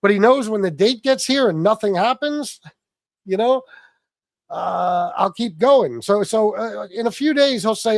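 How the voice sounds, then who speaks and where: A man with a fairly high voice rants straight into a dry, close mic on his livestream. He is combative and profane and hammers the same points again and again. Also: normal speed, vocal fry, no room sound. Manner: combative, profane, repeats himself. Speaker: livestream host. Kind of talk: angry ranting livestream monologue.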